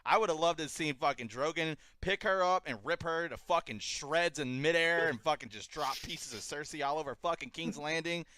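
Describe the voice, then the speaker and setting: A man co-hosting a casual review chat, talking in a profane, animated way and mocking the characters. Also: on the high side, moderate pace, hardly any pauses, no room sound. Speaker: podcast co-host.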